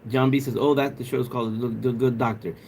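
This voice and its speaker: A man's voice: mid-range voice, steady tone, brisk, gravelly, darkish tone, a little hiss or hum. A man hosting a livestream, casually chatting with viewers and joking around, laughing often. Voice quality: bald. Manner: joking, laughs often, mimics a British accent. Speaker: livestream host. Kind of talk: casual livestream chat reading viewer comments.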